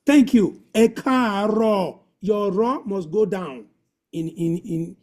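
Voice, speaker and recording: His voice is high-pitched, animated and dark in tone, and he speaks at a slow pace. He is a webinar host running a video-call language class, repeating points and drilling pronunciation as he coaches.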